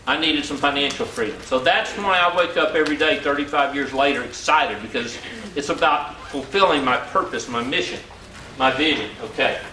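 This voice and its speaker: A man's voice: a little high, bright, forceful tone. A man in his sixties giving an earnest motivational business seminar talk, repeating words for emphasis. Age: 60s. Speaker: seminar speaker. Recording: echoey hall, mic far off, faint ambient noise.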